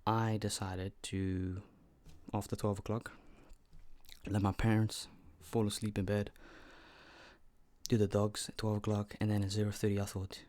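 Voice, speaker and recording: An eighteen-year-old man recounts a story on his vlog in a loose, chatty way, swearing freely. His voice sits on the low side for a young man. The recording is dry, with no room echo. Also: completely flat delivery, unhurried, a little mellow. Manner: loose, profane, chatty retelling. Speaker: vlogger.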